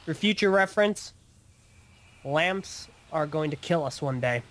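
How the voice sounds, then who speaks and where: A man's voice: a little high, expressive, unhurried, a bit bright. A young man co-hosting a game session, teasing his friend with mock-announcer asides. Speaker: co-host guiding the player. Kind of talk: casual gameplay banter.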